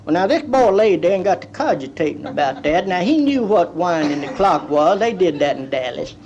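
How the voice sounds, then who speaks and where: High-voiced East Texas storyteller man. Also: sing-song, normal speed, a little mellow, dull audio, a little hiss or hum. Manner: drawling folksy yarn-spinner, slips into quoted voices. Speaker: storytelling comedian. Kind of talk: live comic storytelling.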